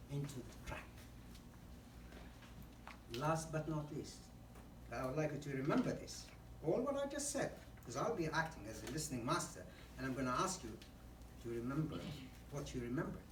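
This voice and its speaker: A woman's voice: low-pitched, animated, normal speed, a little hiss or hum. A woman giving a speech on public speaking, listing numbered tips and acting out short examples. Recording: echoey hall from far off, faint ambience.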